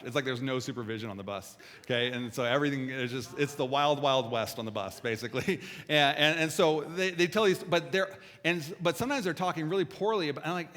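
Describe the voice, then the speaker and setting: Earnest pastor in a reverberant hall. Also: male voice, a little high, quick pace, few pauses, a bit bright. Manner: earnest, self-deprecating, with asides to the congregation. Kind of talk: conversational sermon. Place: church auditorium.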